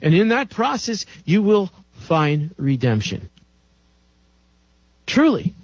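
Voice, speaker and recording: A man's voice: high voice, sing-song, slow, no room sound. A man giving an impassioned health lecture in a preachy, emphatic way, chanting repeated lists. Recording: dull dry recording.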